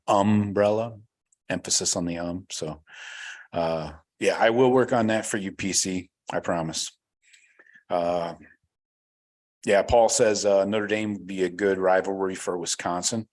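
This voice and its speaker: A man with a low, deep voice hosting a casual live show. He rambles through viewer comments in a relaxed, loose way, with plenty of fillers and the odd swear word. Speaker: podcast host reading live chat. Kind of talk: casual livestream chat.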